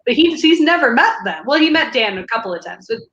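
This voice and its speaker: This woman co-hosts a podcast, a casual chat show, talking loosely and laughing with lots of fillers and restarts. Her high voice swings widely in pitch, runs fast and a bit bright. The recording is muffled and the room is echoey.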